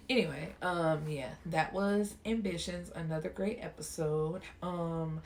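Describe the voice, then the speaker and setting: A woman's voice: on the low side, unhurried, few pauses, a little hiss or hum. A young woman casually recapping and reviewing a TV episode in a slangy, chatty way, acting out the characters' lines as she goes.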